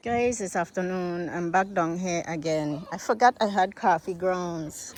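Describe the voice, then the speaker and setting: Slow, chatty woman outdoors. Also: on the low side. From United States. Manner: chatty, excitable, talks straight to viewers. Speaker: farm vlogger. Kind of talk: casual vlog narration while working. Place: outdoors on a farm.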